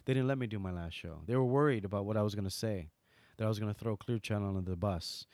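A man's voice: on the low side, fast, dry recording. A middle-aged man from Hawaii telling stories as an interview guest, acting out quoted dialogue in casual talk. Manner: animated, acts out quoted dialogue. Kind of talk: casual storytelling.

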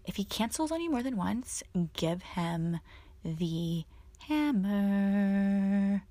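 A woman's voice: fairly low pitch, sing-song, unhurried, a little mellow. A young woman hosting a sassy, profane comedic monologue. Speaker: host.

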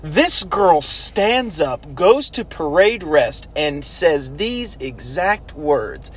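A man recounts basic training in a casual, animated chat, his voice sitting high and swinging widely in pitch. He swears freely and barks out the lines of the drill sergeants he quotes. A faint hiss runs under the recording. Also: extremely slow, few pauses. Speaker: former army recruit telling stories.

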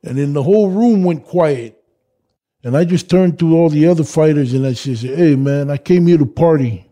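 A laid-back man in an interview tells an anecdote and acts out the lines of the people in it. His tone is very dark and warm, though the pitch sits a little high. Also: normal speed. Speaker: interviewee, former fighter. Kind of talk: anecdotal storytelling.

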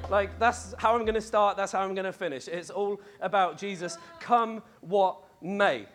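A man delivers a Sunday sermon in a relaxed, chatty way. His voice sits high for a man, and he jokes and uses plenty of fillers as he goes. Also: moderate pace, faint music behind. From Wales lived in, not grown up. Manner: jokey, conversational, lots of fillers and laughs. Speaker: preacher. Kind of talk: lively sermon.

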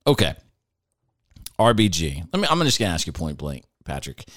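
A man's voice: sits low, moderate pace, no echo, studio quality. A man hosting a casual talk show, telling stories with energy and acting out the people in them. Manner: animated storyteller who acts out other people's voices. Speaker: podcast host.

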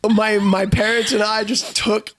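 A young man from New Orleans, a touring musician guesting on a podcast, telling rambling, animated stories in casual chat. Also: high-pitched, measured pace, a little hiss or hum.

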